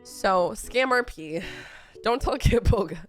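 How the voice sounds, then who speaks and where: A woman's voice: mid-range voice, expressive, slow pace, faint music behind. A young woman from Texas who is sick with a cold, chatting casually on her livestream and telling a rambling story with exasperated asides. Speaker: streamer.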